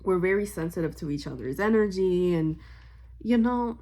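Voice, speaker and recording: A woman's voice: on the low side, animated, moderate pace, dark tone. A woman in her twenties telling a personal story on her vlog, rambling and emotional, smiling as she talks with lots of fillers. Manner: rambling, heavy on fillers, loses her train of thought; emotional and upbeat, smiling while talking. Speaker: vlogger and spiritual reader. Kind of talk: casual storytime chat.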